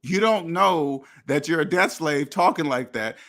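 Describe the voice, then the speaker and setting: A man's voice: on the high side, unhurried, fairly bright tone. A man hosting a money channel, talking bluntly and repetitively straight to his viewers with many restarts. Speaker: finance channel host. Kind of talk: direct-to-camera rant.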